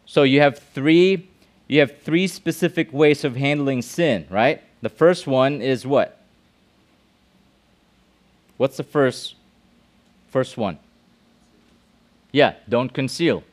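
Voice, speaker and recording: A man's voice: mid-range voice, measured pace, pauses often. Man preaching, chatty and questioning. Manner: conversational, repeats words, asks the room questions. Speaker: pastor. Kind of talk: youth sermon with audience questions.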